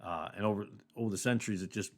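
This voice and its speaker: A man's voice: fairly low pitch, rapid-fire. Male Bible teacher reading his own notes at home, breaking off for asides. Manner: asides to the listener. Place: home podcast area.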